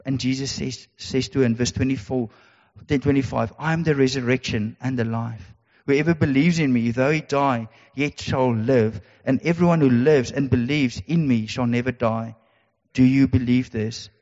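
A man with a mid-range, slightly mellow voice preaches a sermon at normal speed. He's earnest and repetitive, using emphatic rhetorical questions, and the sound is dull in a reverberant hall.

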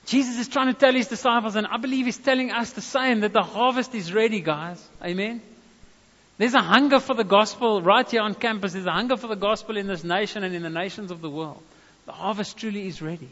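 A man's voice: sits high, a little fast, fairly bright tone. A man with a South African accent preaching a sermon, telling a personal story with casual asides and calls of amen. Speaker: pastor. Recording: dull reverberant hall sound.

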